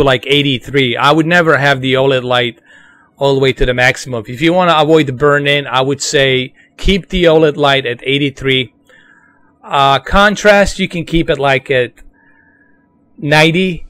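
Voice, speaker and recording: A streamer with a New York accent gives casual, chatty live commentary on a game, addressing his viewers directly. His voice is a little high and a bit bright.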